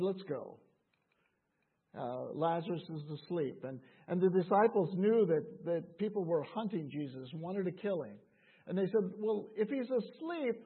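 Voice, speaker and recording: A man preaching a sermon, earnest and slow, with dramatic pauses and quoted voices. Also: sits high, slightly rough. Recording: tinny phone-like sound.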